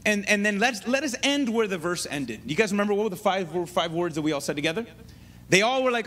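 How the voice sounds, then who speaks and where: A man preaching a sermon in an animated way, often checking in with his listeners. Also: high voice, fast talker.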